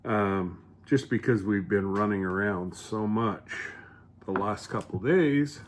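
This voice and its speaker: A man's voice: on the low side, slow pace, a little hiss or hum. A man casually rambling through a home cooking vlog, chatty and full of fillers, restarts and asides.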